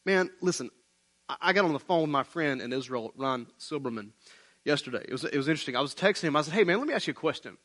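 Animated preaching man. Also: a little high, fast talker. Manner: conversational preaching, animated, says "man, listen". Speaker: pastor. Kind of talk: sermon. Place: church building, online service.

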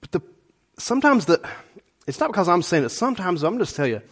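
A middle-aged man preaching a sermon as pastor, conversational and animated, with folksy asides to the congregation. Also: high voice, quick pace, slightly rough.

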